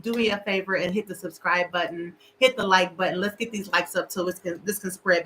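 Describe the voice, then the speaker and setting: A woman's voice: medium pitch, bright, forceful tone, slight background noise, poor audio. A middle-aged woman hosting a casual livestream, candid and emotional, talking straight to her viewers. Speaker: show host. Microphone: livestream camera.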